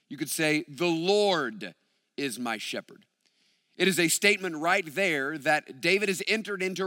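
A man preaching a sermon as a pastor, reading scripture and stressing key phrases with deliberate emphasis. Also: a little high, bright, forceful tone, no room sound, studio quality, big-room sound.

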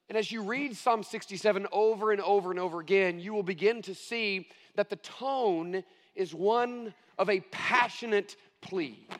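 A middle-aged male pastor preaching a sermon, earnest and emphatic, stressing key phrases slowly. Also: high voice, a bit bright, long reverb tail.

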